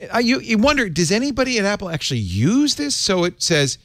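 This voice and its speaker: Animated man hosting a tech show. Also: high-pitched, fairly quick, no room sound. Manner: animated, exasperated storytelling. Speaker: host. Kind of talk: tech panel discussion.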